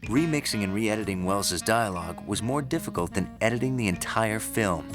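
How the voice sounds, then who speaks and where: A man narrating a film history documentary in a measured, scripted storytelling style. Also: fairly low pitch, lively intonation, music in the background.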